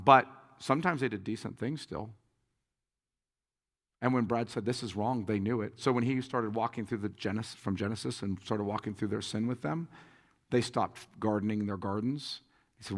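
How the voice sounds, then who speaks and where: A pastor answering audience questions at a conference, telling stories with lively acted-out quotes and frequent laughter. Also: male voice, lowish voice, moderate pace, big-room sound. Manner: animated storyteller, acts out quotes, laughs often. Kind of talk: conference Q&A talk.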